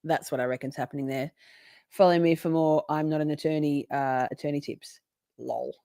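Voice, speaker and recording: A woman's voice: deep voice, fairly even intonation, normal speed, creaky, mellow, dry recording. A woman hosting a livestream, chatting casually in a rambling, playful way and swearing often. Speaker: livestream host.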